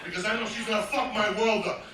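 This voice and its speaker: A man telling a profane comic story on stage in a brash, loud way, laughing as he goes. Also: high voice, steady tone, fast, crowd noise. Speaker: stand-up comedian. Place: comedy stage before an audience. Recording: echoey live room, mic at a distance, audience laughter.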